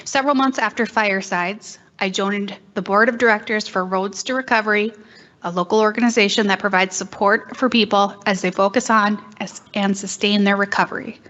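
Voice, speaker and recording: A woman reading a written introduction aloud at a conference, steady and careful. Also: medium pitch, brisk, highs cut off. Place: conference hall.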